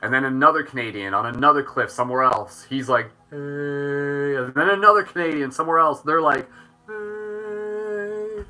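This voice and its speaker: A man leading a guided chakra meditation as host, gentle and jokey, with playful dad-joke asides. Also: mid-range voice, fairly quick, hardly any pauses.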